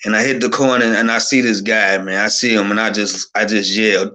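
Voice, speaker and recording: A man's voice: lowish voice, a little fast, few pauses, pushed and bright. A man telling an emotional personal testimony as a guest, fervent and overwhelmed, often restarting his sentences.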